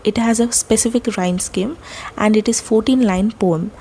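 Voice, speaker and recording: A woman giving a lecture, explaining poetic terms step by step, with fillers and pauses. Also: medium pitch, dark tone, slight background noise, rough recording.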